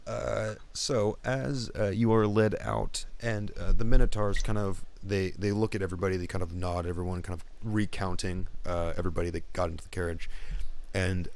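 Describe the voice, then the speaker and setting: Deep, gravelly man running a tabletop game. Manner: rambling, casual, many fillers. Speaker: game master.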